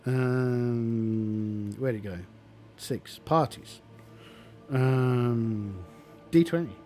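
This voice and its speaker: A man's voice: mid-range voice, drawn-out words, dark tone, soft background music. A man playing a solo tabletop game, muttering his dice rolls and narrating hesitantly.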